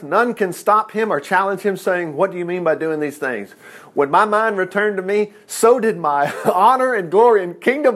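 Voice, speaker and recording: A man in his fifties preaching a conversational, animated sermon and acting out the quotes he reads. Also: high voice. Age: 50s.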